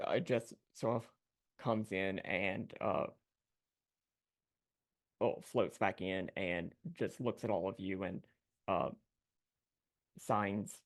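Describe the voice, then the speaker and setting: A man running a tabletop game as game master, narrating in a halting way with lots of ums and uhs. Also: lowish voice.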